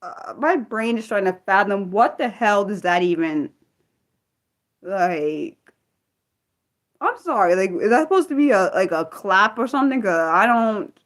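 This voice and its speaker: A woman hosting an unscripted livestream, talking heatedly and swearing freely, swinging between fired-up outbursts and low muttering. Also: expressive, a little slow. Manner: swears freely, lots of restarts. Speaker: livestream host.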